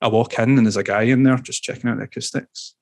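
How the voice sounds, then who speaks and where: A man's voice: medium pitch, fast talker, no echo. Man telling a rambling anecdote. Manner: rambling, animated anecdotes with swearing and laughs. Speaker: guest musician. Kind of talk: casual storytelling interview.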